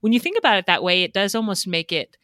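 A woman's voice: medium pitch, sing-song, fast, pushed and bright, no room sound, clean studio sound. A woman hosting a casual podcast, agreeing readily and laughing along with her guest. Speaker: podcast host.

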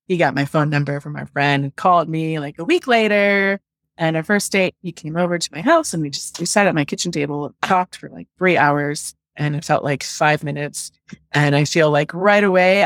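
A woman's voice: low voice, no echo, clean studio sound. A woman working as a love coach, telling her story in a casual interview, chatty and full of "like", acting out her own past thoughts.

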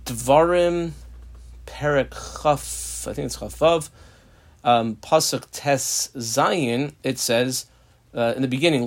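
A man's voice: mid-range voice, a little slow. A man teaching a Talmud page, reading the Aramaic phrase by phrase and explaining each in English, with frequent ums. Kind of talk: Talmud lesson reading and translating text.

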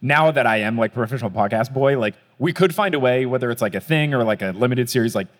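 A man's voice: medium pitch, fast. A young man hosting a live podcast on stage, telling stories casually with lots of "like". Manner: casual, chatty storytelling with frequent "like". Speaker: podcast host. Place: live stage show before an audience. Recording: reverberant live venue.

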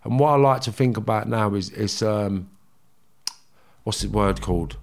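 A man, a guest telling blunt, animated stories in a casual interview and swearing freely. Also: on the low side, moderate pace, gravelly.

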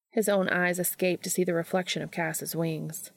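A woman calmly reading fan fiction aloud in an unhurried narrating voice. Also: on the low side, vocal fry, no room sound, clean studio sound. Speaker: reader.

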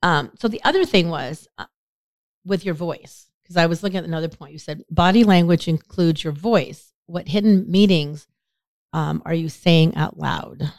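A woman's voice: moderate pace, dry recording, studio quality. A woman co-hosting a podcast, chatting casually and telling stories, acting out quoted lines with big jumps in her voice. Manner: lively storyteller, acts out quotes with big pitch jumps. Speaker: podcast co-host. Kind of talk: casual chat.

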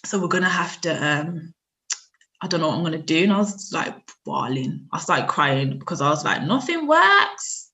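A woman in her thirties, a journalist guest on a podcast, telling her story in an animated, casual way, acting out other people's lines and laughing often. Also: deep voice, brisk.

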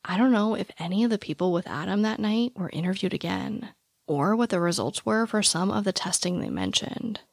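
A woman hosting a podcast with scripted true-crime narration, soft and measured, often near a whisper. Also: medium pitch, expressive, creaky, no echo, studio quality. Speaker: podcast host.

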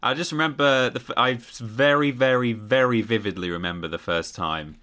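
A man's voice: medium pitch, normal speed, sharp tone. A man co-hosting a podcast, telling candid stories and laughing along. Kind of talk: casual chat.

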